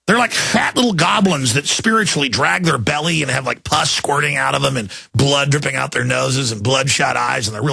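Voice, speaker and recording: A man's voice: on the high side, pushed and bright, no echo, studio quality. A man hosting a radio talk show, ranting in a mocking way, mimicking voices and laughing as he goes. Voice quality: gravelly, raspy. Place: radio studio.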